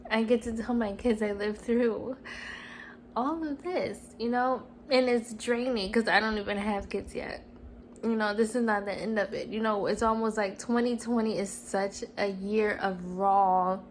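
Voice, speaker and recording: A young woman in her twenties speaks to her camera at home, her voice at an ordinary middle pitch. She talks in an earnest, emotional and rambling way, filling her thoughts with "you know". A faint hiss of noise sits under the recording. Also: low-quality recording. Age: 20s. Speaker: vlogger. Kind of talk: casual personal vlog. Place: at home, TV on mute.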